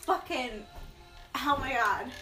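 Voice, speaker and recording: A woman with a fairly high voice, teasing bluntly and crudely in casual chat. She sounds echoey, as if in a bare room, and clear music plays behind her. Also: slow pace. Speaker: podcast guest.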